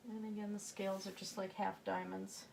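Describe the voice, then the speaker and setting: A woman's voice: mid-range voice, little pitch movement, a little fast, vocal fry, darkish tone, slight background noise. A woman with a slight Southern US accent, giving a chatty painting tutorial and thinking aloud as she works, sometimes dropping to a murmur. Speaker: painting instructor.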